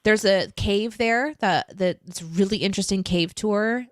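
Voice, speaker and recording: A woman's voice: mid-range voice, measured pace, dry recording, clean studio sound. A woman co-hosting a casual live chat show, chatty and self-deprecating, laughing often. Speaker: co-host.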